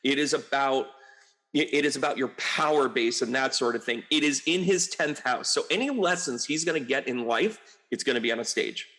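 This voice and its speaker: A man's voice: medium pitch, moderate pace, a bit bright. A middle-aged man from the United States, a medium, talking to camera in a rambling, chatty way full of fillers and asides. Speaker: medium and astrologer. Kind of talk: casual to-camera monologue.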